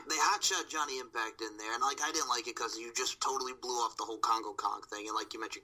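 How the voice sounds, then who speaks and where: A man guesting on a casual podcast, telling his take in an animated way. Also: medium pitch, poor audio. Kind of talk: casual chat.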